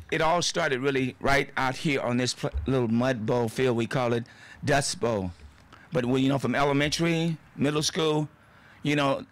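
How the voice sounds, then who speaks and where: A man's voice: mid-range voice, fairly bright tone. An older man giving a joking, heartfelt, rambling speech at a field dedication. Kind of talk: informal outdoor speech. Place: outdoor sports field.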